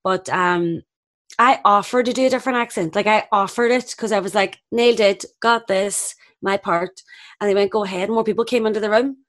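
A young actress telling audition stories in casual chat, acting out quoted voices. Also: female voice, mid-range voice, a little fast. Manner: animated, acts out quoted voices.

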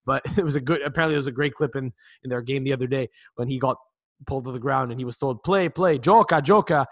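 A man in his twenties chats loosely as a podcast co-host, stumbling over restarts and swearing freely. His voice sits at an ordinary pitch, and the recording sounds dry and close, with no room behind it. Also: little pitch movement, racing, dry recording. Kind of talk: casual chat.

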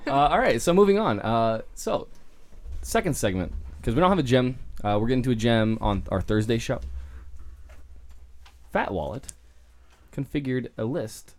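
A man's voice: medium pitch, moderate pace, pauses often. A man hosting a casual movie podcast, talking loosely with lots of fillers and laughs. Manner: animated, laughing, trails off into fillers. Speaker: podcast host.

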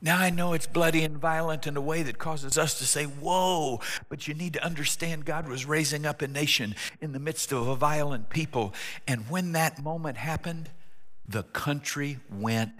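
A man's voice: fairly high pitch, normal speed. A man preaching a sermon in a church, telling the story with jokes and playful asides. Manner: animated, joking storyteller. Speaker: pastor. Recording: long hall reverb.

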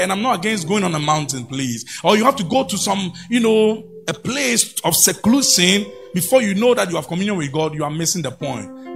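A man preaching a sermon in a church, swinging between loud exclamations and low murmurs. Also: vocal fry.

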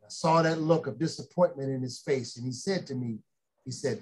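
A man's voice: medium pitch, a little fast, a little mellow, slightly rough. A middle-aged man telling folksy family stories and turning them into an emphatic lesson for an audience. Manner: folksy storytelling, quoting family members, rising to emphatic preaching. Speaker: speaker. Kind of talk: motivational storytelling talk.

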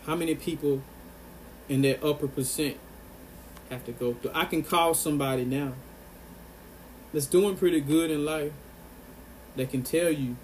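A man's voice: medium pitch, darkish tone, slight background noise. A man delivering an earnest, impassioned monologue to his viewers, pressing his points and repeating phrases for emphasis. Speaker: vlogger.

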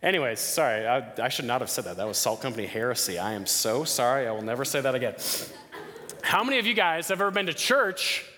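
A young man preaching a sermon to a campus crowd, lively, often asking the listeners questions. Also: mid-range voice, quick pace. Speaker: campus ministry speaker. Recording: long hall reverb.

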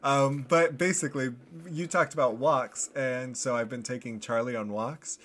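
A man's voice: medium pitch, steady tone, moderate pace, a bit bright. Easygoing young man rambling with laughs. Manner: rambling, self-deprecating, lots of fillers and laughs. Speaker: podcast co-host. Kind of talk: casual chat.

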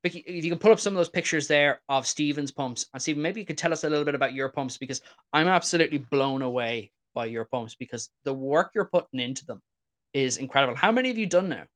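Excitable man, slightly high voice. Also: fast. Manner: excitable rambling storyteller, many "like"s. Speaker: podcast host. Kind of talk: casual interview chat.

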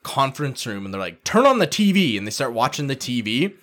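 A man's voice: medium pitch, big pitch swings, fairly quick, a bit bright. A man co-hosting a podcast, chatting casually and mockingly about a film, with plenty of swearing. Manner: laid-back, profane, mocking. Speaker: podcast co-host. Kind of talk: casual film review chat.

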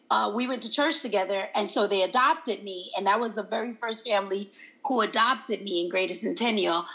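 Her voice sits in the middle range, and the recording quality is poor. She chats casually, laughs frequently, and brings her stories to life by performing the lines she quotes.

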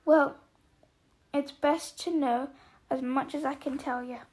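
Woman reading as a booming gruff giant. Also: steady tone, slow pace, a little mellow. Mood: worried. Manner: booming outbursts, folksy slang. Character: gruff giant man, kindly but quick-tempered. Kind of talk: audiobook reading.

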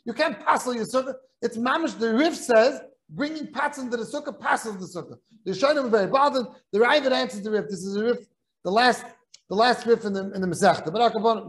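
High-voiced rabbi teaching Talmud. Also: male voice. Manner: animated storyteller, repeats words when excited. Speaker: rabbi giving a Torah class. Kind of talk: Talmud lecture with a story. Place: kollel study hall.

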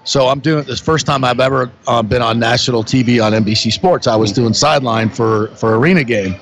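A man hosting a sports talk show, telling a lively story and acting out the voices of the people in it. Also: mid-range voice, fairly quick. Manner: animated storyteller, acts out quotes. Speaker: sports radio host.

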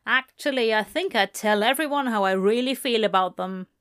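A woman voicing a frank, sharp young bartender in a dry, direct manner. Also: a little high, moderate pace, smooth, natural voice.

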